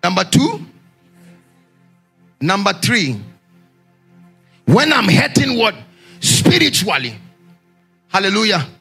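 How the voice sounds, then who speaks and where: A high, bright-voiced male pastor preaching in a sing-song, call-and-response style. His tone is rough and raspy with a gravelly edge, and his pitch leaps up and down as he shouts questions to the church. Faint music plays behind him. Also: big pitch swings, slow pace, pauses often.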